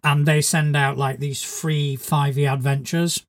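A man's voice: on the high side, little pitch movement, a little slow. Joking male podcast co-host from Spain. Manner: jokey, swears freely. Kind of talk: casual chat.

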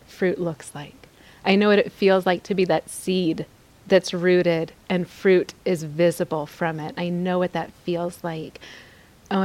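A woman's voice: lowish voice, darkish tone. A woman hosting a devotional podcast, teaching scripture in an earnest, exhorting way, repeating phrases for emphasis and adding candid, confiding asides.

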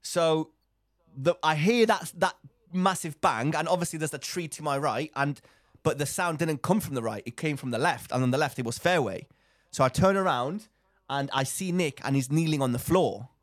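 Young guy telling a story on a podcast, kinda high voice, dry close sound, keeps restarting his sentences. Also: normal speed, no echo. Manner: animated, repeats and restarts phrases while telling a story. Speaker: podcast co-host. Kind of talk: casual storytelling chat.

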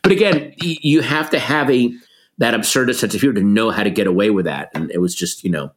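A middle-aged man, a comedian guest, telling animated anecdotes in conversation and slipping into quoted voices. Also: fairly low pitch, fast. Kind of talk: conversational storytelling.

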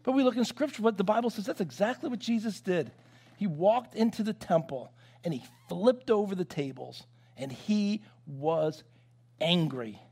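A man's voice: high voice, lively intonation, moderate pace, a little mellow, breathy edge. A male pastor preaching a sermon in church, telling stories with acted-out quotes and frequent restarts. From United States.

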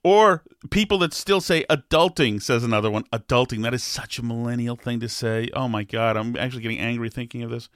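A man with a medium-pitched, fairly bright voice talks casually on his own in a studio recording with no room sound. He's hesitant, restarting often, and laughs as he reads comments aloud.

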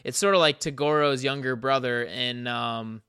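A man's voice: medium pitch, fairly even intonation, moderate pace, pushed and bright, clear, resonant tone, no room sound, clean studio sound. A man from the American South talking casually and with strong opinions on a podcast, rambling with fillers. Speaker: podcast co-host. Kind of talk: casual chat about anime.

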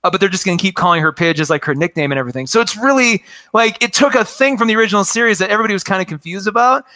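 Guy in his 40s geeking out on cartoons, high bright voice, lots of um and like. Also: expressive, rapid-fire. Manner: enthusiastic, rambling with many fillers. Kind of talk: casual chat about cartoons.

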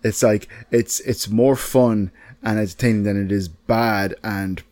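Lowish voiced dude rambling about movies, dry close mic. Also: male voice, steady tone, measured pace, darkish tone, no echo. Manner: rambling, lots of fillers and restarts. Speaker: podcast co-host. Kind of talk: casual chat about films.

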